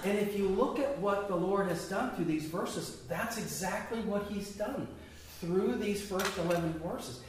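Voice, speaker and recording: A man's voice: high voice, measured pace, far from the mic, a little hiss or hum. A man leading a small Bible study class, asking the group questions as he teaches. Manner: conversational, asks the group questions. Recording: echoey room picked up from afar.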